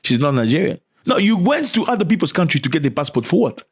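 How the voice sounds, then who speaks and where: A man's voice: sing-song, fast talker. Emphatic man ranting on his vlog. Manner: emphatic and preachy, pushing pitch up to stress points. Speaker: host. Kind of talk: opinion commentary vlog.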